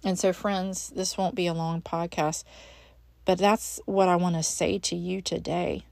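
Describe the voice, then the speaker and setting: Earnest woman with a gravelly edge. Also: fairly low pitch, flat delivery, a little slow, darkish tone, no echo. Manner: earnest, encouraging, addresses listener as friend; frequent restarts and fillers. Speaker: podcast host. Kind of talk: devotional podcast talk.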